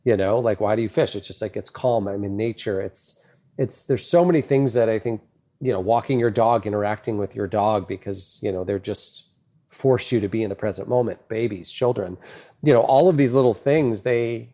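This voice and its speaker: A man's voice: on the low side, normal speed, warm tone. A man from the American Midwest, a podcast guest, talking reflectively with many fillers and acting out quoted lines in a raised voice. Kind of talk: casual interview talk.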